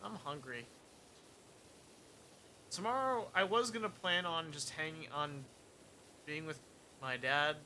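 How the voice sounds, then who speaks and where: A man chatting his way through a game stream in an unhurried, drawn-out way. His voice sits a little high and rings very bright and sharp. He mutters to himself and drops dry jokes between tasks. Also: a little hiss or hum. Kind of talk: casual gameplay commentary.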